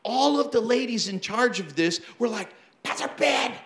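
Lively, high-voiced pastor telling funny stories. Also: male voice, moderate pace, gravelly, echoey room. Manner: animated, acts out quotes, laughs often. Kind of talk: storytelling sermon.

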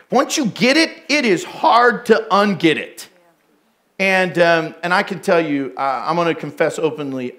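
A man's voice: high-pitched, a bit bright. A middle-aged male pastor preaching a sermon, telling candid, self-deprecating stories with bursts of laughter.

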